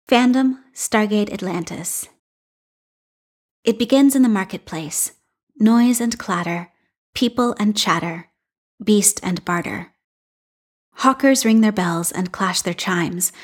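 A woman reading a fan fiction story aloud in a calm, measured narration. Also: mid-range voice. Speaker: reader.

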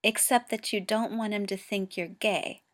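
A woman reading a story aloud and voicing a blunt, dryly teasing teenage boy who asks flat, matter-of-fact questions. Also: medium pitch, normal speed, close to an everyday voice. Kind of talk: amateur audiobook reading.

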